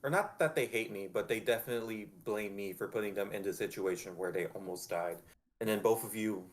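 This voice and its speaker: A man with a low voice talks at a tabletop game table, describing his character. He explains things thoughtfully, feeling his way through each sentence. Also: brisk. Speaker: tabletop role-play player.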